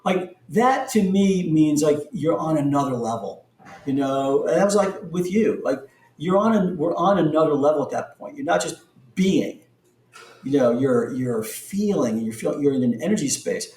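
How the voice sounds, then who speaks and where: Brief: middle-aged male podcast guest, storyteller, excitable rises, roomy distant recording. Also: fairly high pitch, normal speed. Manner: animated, voice jumps up in excited bursts. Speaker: podcast guest, company founder. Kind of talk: storytelling in an interview. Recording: echoey room, distant from the mic.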